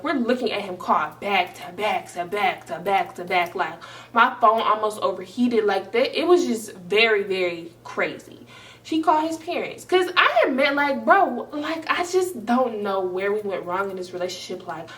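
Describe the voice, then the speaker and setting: A young woman vlogger telling a story in an animated, emphatic, profane way. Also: mid-range voice, far from the mic. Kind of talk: storytime vlog.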